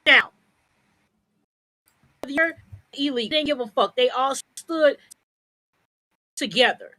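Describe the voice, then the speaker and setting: A high-voiced woman rants on a podcast, blunt and full of profanity. Her delivery is confrontational and heated, and the sound is dry and close. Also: slow, sharp tone, no room sound, rough recording. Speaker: podcast co-host.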